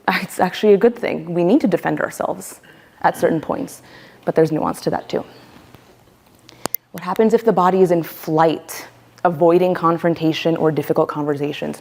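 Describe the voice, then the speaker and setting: A woman teaching a voice workshop, lively and playful, acting out the voices she quotes. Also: lowish voice, gravelly. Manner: animated, acts out quoted voices. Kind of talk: workshop lecture.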